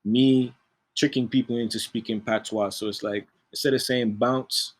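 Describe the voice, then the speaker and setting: A man, a music producer, talking in a relaxed, slangy way as an interview guest, laughing often. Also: mid-range voice, normal speed, slightly rough. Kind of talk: casual interview chat.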